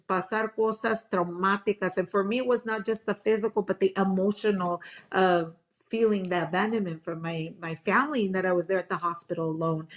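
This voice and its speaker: Woman instructor, bilingual class talk, switches languages mid-thought, casual restarts. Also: medium pitch. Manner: switches between English and Spanish, with fillers and restarts. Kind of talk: bilingual class talk, English then Spanish.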